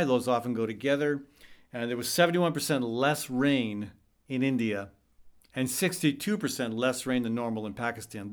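Male talk radio host, middle-aged, halting but urgent delivery. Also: medium pitch. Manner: urgent, halting, many fillers and restarts. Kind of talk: earnest talk-radio commentary.

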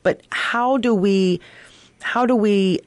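A woman's voice: mid-range voice, slow, no room sound. A woman hosting a radio interview, thinking aloud as she asks her questions, with many fillers and restarts. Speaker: radio show host.

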